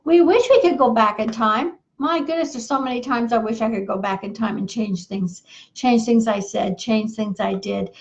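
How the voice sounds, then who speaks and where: A woman's voice: fairly high pitch, vocal fry. Earnest woman marriage coach, dull recording. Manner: repetitive, earnest, folksy. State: losing her voice. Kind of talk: advice monologue.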